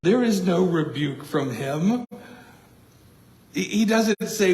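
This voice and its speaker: A male pastor preaches in earnest, stumbling over and repeating words as he thinks aloud. His voice sits a little high for a man and rings through a roomy, echoing church. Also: animated, slow, darkish tone. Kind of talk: expository sermon. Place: church sanctuary. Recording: echoey church room.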